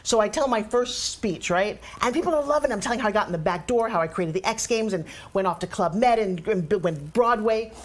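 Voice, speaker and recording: A woman from Long Island with a New York accent, telling animated stories as a guest in a casual interview. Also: medium pitch. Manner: animated storyteller, fast and energetic. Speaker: guest speaker.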